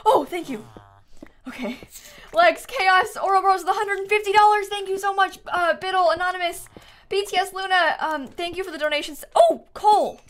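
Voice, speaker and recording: A young woman streaming a game live, reading out donations and reacting excitably, swinging from shrieks to low mutters. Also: normal speed.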